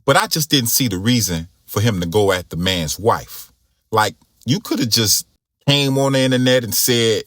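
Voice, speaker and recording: A man's voice: lowish voice, moderate pace, a bit bright, no room sound, studio quality. Blunt man giving casual commentary. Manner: blunt, slangy, conversational. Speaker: commentary channel host.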